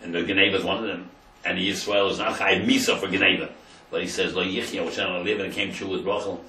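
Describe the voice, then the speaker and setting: A man teaching a Torah class as a rabbi. He tells the story, acts out the quotes, and swings between quiet asides and loud emphasis. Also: deep voice, steady tone, quick pace, echoey room, far from the mic, low-quality recording.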